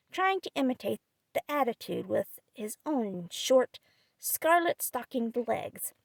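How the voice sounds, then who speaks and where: A woman narrating a classic novel as an audiobook reader, with expressive storytelling on a close mic. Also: a little high, creaky, no echo.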